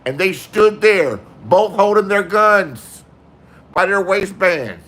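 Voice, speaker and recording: A man in his sixties with a bright, forceful voice sitting a bit high for his age. He rambles through profane old stories in a casual way, acting out the people in them as he goes. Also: lively intonation, slow pace. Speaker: storyteller. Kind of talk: casual storytelling.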